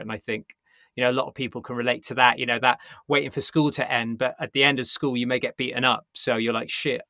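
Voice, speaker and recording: A man's voice: mid-range voice, vocal fry, pushed and bright, no echo, clean studio sound. A man hosting a talk show, reflecting thoughtfully on what his guest says and often ending points with tag questions. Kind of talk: reflective interview commentary.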